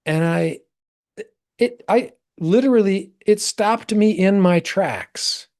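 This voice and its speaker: A middle-aged American man, an actor, telling a personal story as a podcast guest, animated and acting out quoted voices. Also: slow. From United States. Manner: animated, acts out quoted voices with big pitch jumps.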